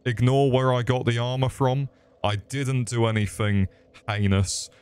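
A man's voice: mid-range voice, fairly even intonation, a little slow, a little mellow, clean tone. A young man streaming a game, with crude jokes and chatter aimed at his chat. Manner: crude joking banter with chat. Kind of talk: casual gameplay commentary. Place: home room. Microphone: desk microphone.

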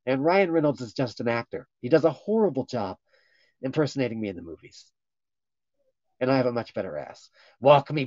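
A man's voice: mid-range voice, creaky, darkish tone, no room sound. A man hosting a playful livestream in a costume persona, joking around and reading viewer comments aloud. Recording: dull lo-fi livestream audio.

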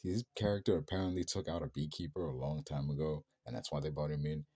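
Guy with a deep mellow voice rambling thru a movie review, cussing a lot, dry sound. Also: steady tone, fast talker, no room sound. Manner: rambling, slangy, swears freely. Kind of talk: casual spoken film review.

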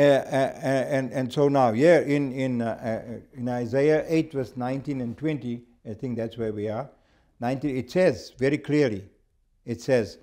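Male Sabbath school teacher from South Africa, mellow, halting, conversational. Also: mid-range voice. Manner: conversational, halting, repeats words. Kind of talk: church Bible lesson with storytelling.

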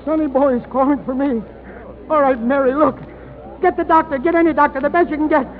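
A man's voice: very high voice, steady tone, brisk. A man playing a brash, emotional nightclub owner and emcee on New Year's Eve, in 1930s radio drama style. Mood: stricken. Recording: muffled 1930s radio broadcast with music.

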